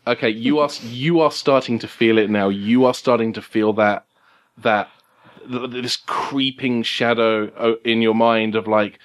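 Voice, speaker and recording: A man narrating a tabletop game as game master, halting and repeating himself as he describes scenes. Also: mid-range voice, fairly even intonation. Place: game store.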